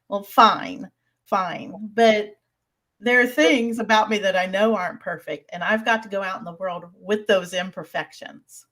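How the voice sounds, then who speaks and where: A woman with a Southern US accent talks in an easygoing, folksy way, laughing through her stories. Her pitch sits in an ordinary middle range for a woman. She comes across as a relaxed podcast co-host. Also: a little slow. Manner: chatty, laughs often, folksy. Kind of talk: casual chat.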